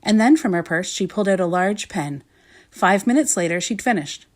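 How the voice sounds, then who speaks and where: Female storybook reader, middle pitch, very lively intonation. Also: normal speed. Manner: expressive, sing-song reading. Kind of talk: storybook reading aloud.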